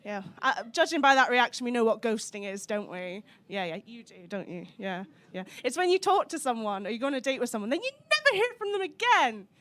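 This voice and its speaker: A young woman from the Highlands performs stand-up in a comedy club, her soft Scottish Highland accent carrying a dry, sardonic edge. She swears freely and her voice sits a little high. The delivery stays deadpan and cutting. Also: brisk, few pauses.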